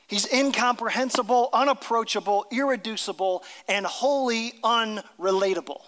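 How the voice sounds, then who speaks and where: Man, pastor, sermon, high voice, storytelling, long hall reverb. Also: moderate pace. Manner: storytelling, dropping to a hushed voice for tender moments.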